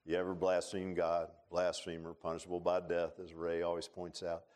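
A man preaching a sermon in a church, telling stories in a folksy way and swinging between loud rises and quiet low passages. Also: monotone, normal speed. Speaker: pastor. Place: church sanctuary.

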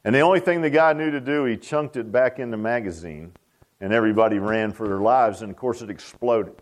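An older man preaching a sermon in a folksy, animated way, repeating phrases for emphasis. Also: medium pitch, brisk. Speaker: pastor.

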